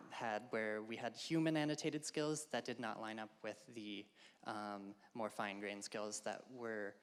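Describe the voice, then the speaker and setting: A man's voice: lowish voice, smooth, in a large hall. A man giving a casual academic slide talk to a live audience, with many ums and uhs. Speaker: workshop presenter. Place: lecture hall.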